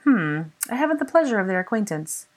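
Sly, prying French aristocrat with a lively, swooping delivery, put on by a woman audiobook reader. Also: mid-range voice, fairly quick, voice pushed up, close to an everyday voice. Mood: suave, inquisitive. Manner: polite and probing. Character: sly, courteous older French marquis, curious and prying.

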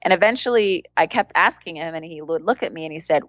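A woman telling an anecdote as an interview guest, laughing often and jumping into higher voices for the people she quotes. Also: quick pace, no room sound. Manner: animated, acts out quoted voices with a jump in pitch. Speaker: guest, street performer and entertainer. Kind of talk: storytelling anecdote in conversation.

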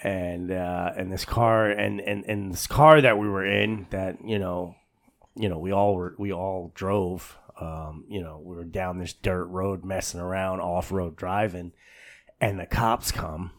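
A man's voice: low voice, fairly even intonation, unhurried. A man co-hosting a podcast, telling a story in casual chat, rambling with many restarts and repeated words, full of profanity and "bro". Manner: slangy and profane, says "bro" a lot. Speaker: podcast co-host.

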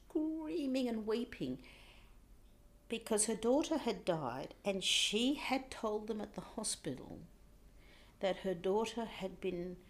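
Woman telling a painful personal story. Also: mid-range voice. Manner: intense, drops to a hushed whisper at times. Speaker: interview guest.

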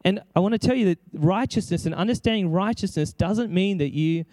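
A man's voice: high-pitched, a little fast, darkish tone, dry recording. A man preaching an impassioned sermon, exclaiming and acting out prayers as he speaks.

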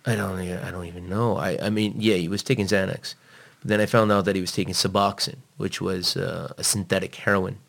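A man being interviewed, telling a personal story in a blunt, profane, animated way. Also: sits low, brisk, gravelly, hardly any pauses.

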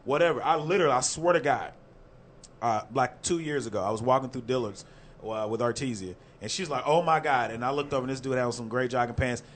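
A man hosting a casual radio talk show, with a mid-pitched voice and faint noise in the background. He tells his stories in an animated way, with loud bursts. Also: fast. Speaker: show host.

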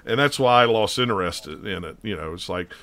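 A man hosts a relaxed gaming podcast in a slightly low voice with a bright, forward tone. He talks in loose, stop-start runs, often restarting a thought before it lands. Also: fairly quick, dry recording. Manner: rambling, stop-start delivery with frequent restarts. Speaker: podcast host. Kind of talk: casual chat.

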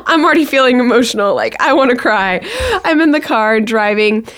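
A woman spins a funny personal story in a loose, chatty way, dropping "like" into almost every sentence. She talks in quick bursts and her pitch jumps around as she gets worked up. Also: expressive, fairly bright tone. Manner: chatty, peppered with "like", laughs between lines. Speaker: actress telling a personal story.

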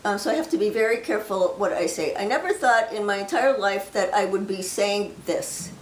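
Ministry host, woman, mid-pitched; slow, measured scripture reading mixed with casual, halting remarks; roomy recording. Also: slight background noise. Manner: slow, deliberate reading broken by chatty, hesitant asides. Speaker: ministry host sharing prophecy. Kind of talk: reading scripture and prophecy aloud with casual asides. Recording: roomy echo.

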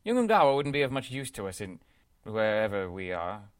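An actor playing a pompous, fussy English gentleman explorer with an English accent. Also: lowish voice, sing-song, moderate pace, smooth. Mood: bickering. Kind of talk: audio drama acting.

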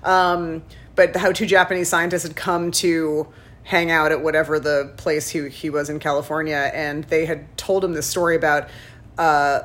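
A woman's voice: low voice, little pitch movement, moderate pace, a bit bright. A woman in casual chat, telling a rambling story full of restarts and "like".

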